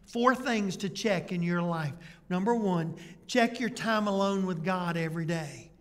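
A man's voice: high-pitched, a little slow. A man preaching a sermon as pastor in a conversational way, full of rhetorical questions. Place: church sanctuary. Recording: church hall reverb.

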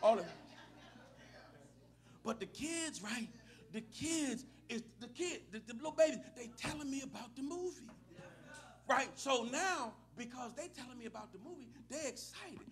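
Middle-aged male pastor, very high voice, slangy folksy sermon, shouts and laughs. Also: lively intonation, normal speed. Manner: swings from shouting to low storytelling, laughs often; casual, folksy preaching with street slang.

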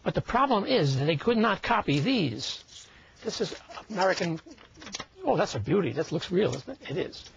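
A man's voice: high-pitched, sing-song, moderate pace, vocal fry, husky. An older man performing comedic magic patter as a magician, a wisecracking, chatty showman.

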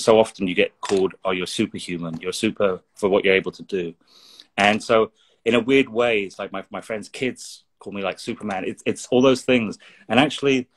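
Man, middle-aged, from England, low voice, earnest, reflective, repeats words while thinking. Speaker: guest. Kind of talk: interview conversation.

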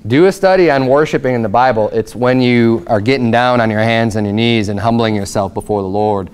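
A young man preaching a sermon as pastor, in a Southern American accent, impassioned and rising to loud emphatic peaks. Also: mid-range voice, brisk, clean tone.

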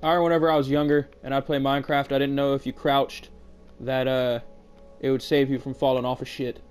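A man's voice: medium pitch, flat delivery, quick pace, clean tone, soft background music. A man casually commenting on his own game playthrough, rambling and swearing a lot, with sudden angry outbursts. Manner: profane, rambling, erupts into yelling. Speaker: gameplay commentator. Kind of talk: casual let's-play commentary.

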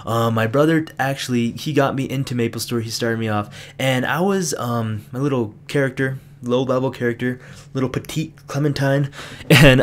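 A young man vlogging casually, telling an animated story with laughs and acted-out quotes. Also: medium pitch, normal speed, slight background noise. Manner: animated, laughs often, acts out quoted lines. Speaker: gaming vlogger.

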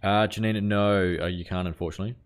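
A man's voice: on the low side, fast, clean tone. A man, chatting casually with viewers while streaming a cricket video game. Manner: relaxed, chatty, greets viewers while playing, mild swearing. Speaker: livestreamer. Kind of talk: casual live game commentary.

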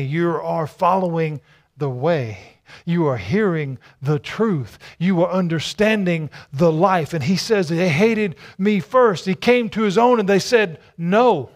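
High-voiced preacher, emphatic and repetitive. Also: male voice, slow pace. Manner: emphatic, repetitive rhetorical preaching with stammered restarts. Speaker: pastor. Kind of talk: sermon.

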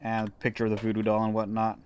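A man's voice: fairly low pitch, completely flat delivery, quick pace, a little mellow, clean tone. Grumbling, swearing gamer man. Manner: grumbling, swearing, talking to himself. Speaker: let's-play gamer. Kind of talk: solo gameplay commentary.

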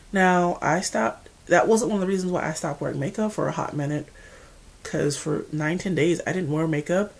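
A woman from the Mid-Atlantic United States with an American accent, chatting casually to camera as a beauty vlogger, animated and full of asides. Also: lowish voice, vocal fry, slightly rough.

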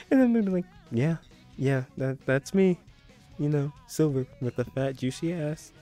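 Young guy in vr chat, goofy and crude, giggles a ton, mellow voice jumping all over, faint music behind. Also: fairly high pitch, lively intonation, moderate pace. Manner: giggly, joking, crude banter. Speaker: VR chat streamer. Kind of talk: casual crude gaming chat.

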